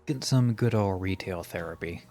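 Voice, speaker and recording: A man's voice: low voice, normal speed, warm tone, soft background music. A man streaming a game, making wry, self-mocking asides in casual commentary.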